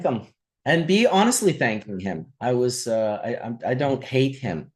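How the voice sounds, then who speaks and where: A man in his forties, the host, telling stories in casual chat, animated and swearing freely. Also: mid-range voice, moderate pace. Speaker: podcast host.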